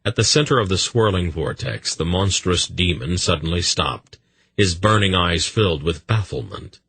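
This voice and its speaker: A man reads a dark fantasy audiobook with intense, dramatic storytelling. His voice is very deep, with a forceful, husky edge, and the recording is dry and close. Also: animated, normal speed, no echo. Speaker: audiobook narrator.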